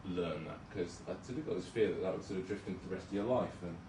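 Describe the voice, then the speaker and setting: A young man with a low voice talks casually and self-deprecatingly about his work, with plenty of ums and restarts. He is heard from some distance, in an echoey hall with a little room noise behind him. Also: fast. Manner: chatty, self-deprecating, hesitant with many ums. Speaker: junior doctor giving a talk. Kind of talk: casual presentation with slides. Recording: roomy hall, speaker far from mic.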